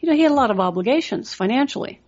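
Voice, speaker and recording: A woman's voice: fairly high pitch, lively intonation, very fast, a little mellow, muffled recording. A middle-aged woman hosting a trading podcast, giving motivational talk and telling stories in an earnest way with lots of "you know" fillers. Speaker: trading coach and podcast host.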